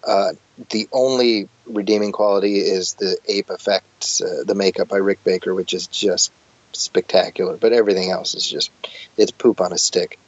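A middle-aged man with a low voice talks movies in a lively, rambling way, tripping over his words as he goes. The sound is dry and a bit dull and lo-fi. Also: moderate pace, no echo. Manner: talkative, animated, frequent restarts. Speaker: podcast guest. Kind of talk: casual chat about movies.

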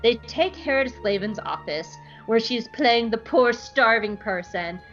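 A woman's voice: fairly high pitch, expressive, a little slow, fairly bright tone, dull audio, soft background music. A young woman hosting a podcast, chatting casually and giggly through an episode recap. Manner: chatty, giggly, lots of fillers. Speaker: podcast host.

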